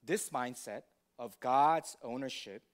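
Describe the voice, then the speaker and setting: A man's voice: mid-range voice, takes it slowly, clean tone. A male pastor preaching a sermon in a teacherly way, often checking in with the congregation with questions. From United States.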